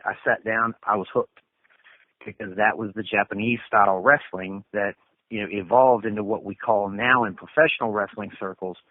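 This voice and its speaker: Brief: earnest wrestling coach, lowish man's voice, dry tinny line, rambling with ums. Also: dry recording. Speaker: catch wrestling coach and guest. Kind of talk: conversational interview answers. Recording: tinny phone-line sound.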